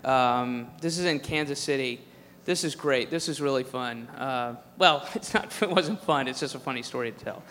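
A man's voice: mid-range voice, moderate pace, a bit bright, long reverb tail, a little hiss or hum. A man doing a stand-up routine, telling a rambling story with sarcasm and lots of swearing. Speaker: stand-up comedian.

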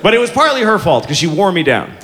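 A man in his forties doing stand-up on a club stage, swearing freely and mocking himself. His voice sits high for a man and swoops up and down with lively swings. The room echoes, with an audience and steady noise around him. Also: fast talker. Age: 40s. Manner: profane, self-mocking, animated. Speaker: stand-up comedian. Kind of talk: stand-up storytelling.

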